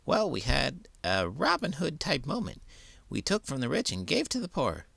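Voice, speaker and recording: Give me an excitable little cartoon mouse with a high, bouncy voice, voiced by a man. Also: moderate pace, creaky, slightly rough, dry recording, heavily acted. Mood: excited. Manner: eager, boastful storyteller.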